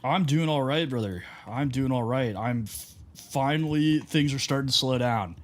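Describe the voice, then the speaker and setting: A man chatting casually on a live game stream, with a middling voice that is neither high nor low. He rambles through stories, stuffs them with "like", and breaks off to greet viewers in chat. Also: normal speed. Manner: rambling storytelling full of "like" and asides to chat.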